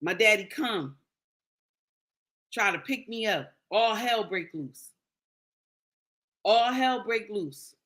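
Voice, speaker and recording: A woman's voice: mid-range voice, animated, takes it slowly, long pauses, fairly bright tone. A woman giving casual, preachy commentary, addressing listeners as her sisters and repeating key lines for emphasis. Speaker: social commentator.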